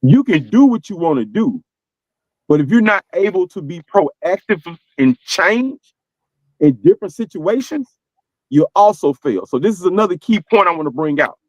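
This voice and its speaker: A man's voice: high voice, sing-song, normal speed, a little mellow, no echo, highs cut off. A middle-aged man with a Southern US accent, giving earnest, streetwise advice in casual podcast talk. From American South. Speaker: podcast co-host.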